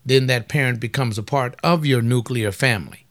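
A man talks in a loose preaching style, folksy and teasing. He keeps prodding his listeners with rhetorical questions at a middling pitch. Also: moderate pace, a bit bright. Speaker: speaker on family life.

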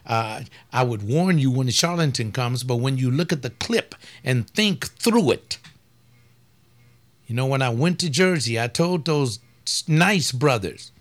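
A man who is a pastor and talk host speaks in a blunt, folksy way, like casual preaching. His voice sits at an ordinary middle pitch. He leans hard on key words and stretches them out for emphasis.

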